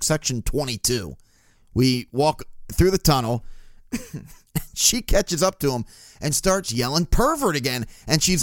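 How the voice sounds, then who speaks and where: A man's voice: mid-range voice, no echo, clean studio sound. Man telling a profane, casual story. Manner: profane, laughing anecdote telling. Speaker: podcast host.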